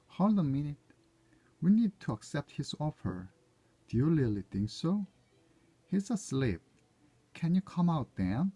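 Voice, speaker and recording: A man whose first language is Korean reads short English conversation lines aloud in turn, stopping now and then to correct himself. His voice is husky and mellow. He talks at an unhurried pace and his pitch moves in a lively way. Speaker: proofreader reading aloud. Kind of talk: reading practice phrases aloud.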